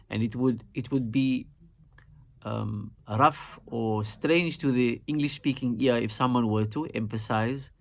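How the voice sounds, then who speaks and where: A man teaching Quran recitation, explaining in a calm, measured way and repeating example words slowly and deliberately. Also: medium pitch, vocal fry.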